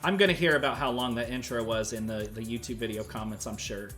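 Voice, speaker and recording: A man's voice: medium pitch, fairly even intonation, fast, a bit bright, soft background music. A man hosting a casual streamed talk show, joking and swearing as he introduces a guest. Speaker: host.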